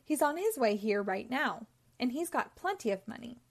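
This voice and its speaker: A woman's voice: on the high side, big pitch swings, moderate pace. A woman voicing a sly middle billy goat who talks his way past trouble. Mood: coaxing.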